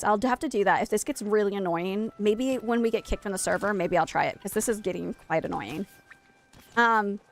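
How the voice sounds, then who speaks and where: A woman in her thirties, fairly high-pitched, rattles on in a chatty, animated way as she plays, reading her viewers' comments and answering them. Soft music runs quietly under her voice. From Maine, United States. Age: 30s. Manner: chatty and animated, talking to her chat while playing. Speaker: streamer. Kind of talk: casual livestream chat while gaming.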